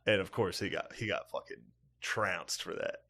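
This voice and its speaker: Low-voiced rambling podcast co-host. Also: male voice, normal speed, gravelly. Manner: rambling, profane, excitable storytelling. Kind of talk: casual comedic chat.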